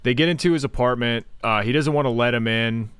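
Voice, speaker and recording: A man co-hosting a podcast, rambling sarcastically through a movie recap and shouting characters' lines now and then. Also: medium pitch, brisk, clear, resonant tone, no echo. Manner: rambling, sarcastic, mimics characters in loud bursts. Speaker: podcast co-host. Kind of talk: casual movie review chat.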